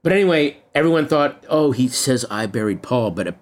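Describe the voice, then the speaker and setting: A middle-aged man chatting on a podcast with a lively, swinging voice. He tells stories with animated energy, slips into quick impressions, and teases his co-host. His pitch sits in a middle register. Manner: animated storyteller, teasing, jumps into quoted voices. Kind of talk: casual chat.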